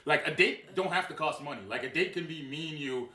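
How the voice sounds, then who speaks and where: A man co-hosting a podcast from a friend's house, bantering loudly with lots of laughing and swearing. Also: fairly high pitch, a little fast. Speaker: podcast co-host. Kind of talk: casual chat. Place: living room at a friend's house. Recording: roomy and distant with faint hiss.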